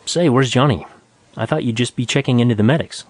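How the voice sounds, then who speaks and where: A man's voice: mid-range voice, a little fast, darkish tone, dry recording, close to an everyday voice. A man voicing a cheerful, teasing male astronaut in a science fiction audiobook, in a raised, bouncy voice. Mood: joking.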